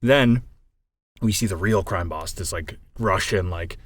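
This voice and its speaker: Man, podcast co-host, low voice, animated storyteller who swears and acts out scenes. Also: measured pace. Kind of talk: casual chat.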